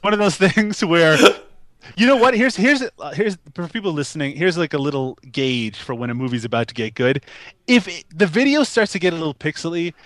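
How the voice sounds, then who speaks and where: A man's voice: a little high, animated, a little fast, a bit bright, no room sound. Wry chuckling man, dry close sound. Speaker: podcast co-host. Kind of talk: casual movie review chat.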